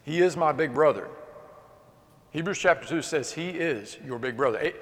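A man preaching a sermon with passion, swinging between loud outbursts and hushed, earnest moments. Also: a little high, lively intonation, normal speed. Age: adult. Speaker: pastor. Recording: long hall reverb.

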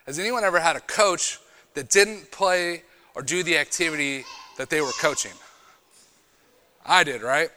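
A man giving a youth sermon, preaching emphatically and moving between loud bursts and quiet storytelling. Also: on the high side, moderate pace, pauses often, slight background noise. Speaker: retreat speaker.

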